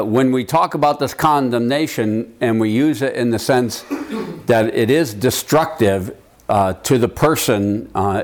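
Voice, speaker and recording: A man leading an informal Bible study, talking through a passage in a conversational, halting way and checking in with his listeners. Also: lowish voice, darkish tone. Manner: conversational, halting, quizzes the room. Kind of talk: informal Bible teaching to a group.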